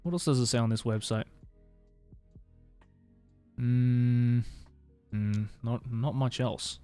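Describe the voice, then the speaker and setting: An Australian man streaming, chatting casually with viewers in a musing, hesitant way, slowing down to sound out words. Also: medium pitch, fairly even intonation, mellow, clean tone, faint music behind.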